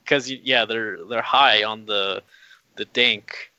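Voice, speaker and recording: A man co-hosting a podcast, recapping a film in a halting, hesitant way. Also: fairly low pitch, steady tone, pushed and bright, no room sound, lo-fi sound. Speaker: podcast co-host. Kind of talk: casual film discussion.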